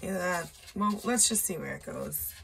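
A woman's voice: on the low side, expressive, a little slow, creaky, background noise. A woman giving a casual tarot reading, chatty and loose, with profane asides. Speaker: tarot reader.

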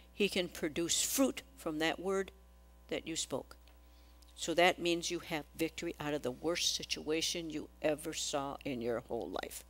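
Woman preaching a sermon, low voice. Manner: questions the congregation, acts out quotes. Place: church.

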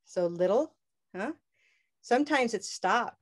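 A woman with a North American accent teaching English pronunciation in a live online lesson, upbeat and stretching out example words slowly. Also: medium pitch, a little mellow. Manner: upbeat, drawn-out modeling of sounds.

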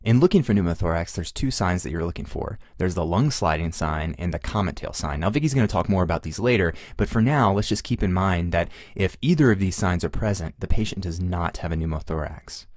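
Man, podcast host, very low voice, upbeat and chatty, dry close sound. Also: animated, a little fast, hardly any pauses, a little mellow, no echo. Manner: upbeat, self-deprecating, chatty. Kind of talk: casual explanatory podcast narration.

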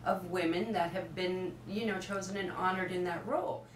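A woman's voice: fairly low pitch, fairly even intonation, normal speed, reverberant, far from the mic, slight background noise, low-quality recording. A woman interviewer in a studio, asking questions in an encouraging, complimentary way. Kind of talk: candid interview.

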